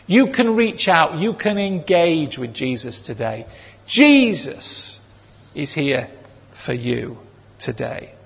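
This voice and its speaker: A man preaching a sermon, animated and acting out voices of people in the stories he tells. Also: on the high side, slow, gravelly. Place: church hall. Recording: long reverb of a large hall.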